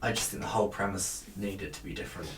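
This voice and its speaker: A man hosting a casual chat show, talking with hesitant pauses and fillers. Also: lowish voice, fairly even intonation, a bit bright, a little hiss or hum. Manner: chatty, hesitant, lots of fillers. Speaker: podcast host reviewing a TV show. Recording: echoey room.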